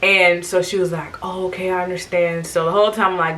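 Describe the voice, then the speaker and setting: A woman telling her birth story to camera in a casual, animated way, acting out what people said. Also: lowish voice, a little fast, a little hiss or hum.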